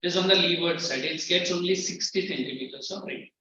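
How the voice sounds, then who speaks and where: Speaking quickly in a slightly high voice, a male teacher with an Indian English accent addresses his class in a mix of English and Hindi, firm with the students throughout. The lecture was picked up from a distance, so it sounds muffled and echoey with faint noise.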